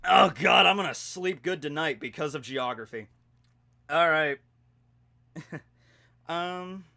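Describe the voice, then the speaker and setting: A man's voice: fairly high pitch, slow, pushed and bright. A young man from Pennsylvania chatting casually and rambling through a geography quiz, making jokey, self-deprecating asides. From Pennsylvania, USA. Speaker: vlogger. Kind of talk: casual commentary while playing a geography quiz.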